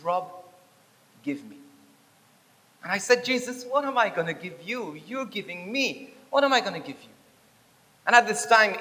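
Man, preacher, sermon testimony, emphatic, repetitive, bright forceful voice, long hall reverb. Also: fairly high pitch. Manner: emphatic and repetitive, swinging between loud and hushed.

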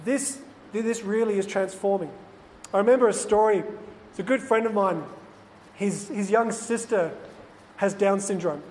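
A priest speaks in an earnest, confiding tone, sharing a personal story with lay listeners. His voice sits high for a man. The room rings with a long reverb over a faint background hiss. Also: moderate pace, darkish tone. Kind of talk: personal talk to lay people.

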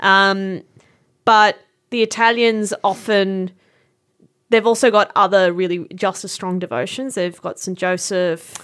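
A woman co-hosts a relaxed conversation in a mid-range voice. She tells stories with animation, laughs easily, and often restarts her sentences as she talks. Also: medium pitch, a little slow, clean tone. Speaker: podcast co-host. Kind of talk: casual chat.

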